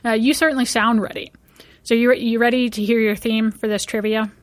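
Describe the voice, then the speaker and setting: A woman's voice: a little high, level tone, fairly quick, no room sound. A woman co-hosting a casual podcast, running a trivia quiz with playful, teasing remarks.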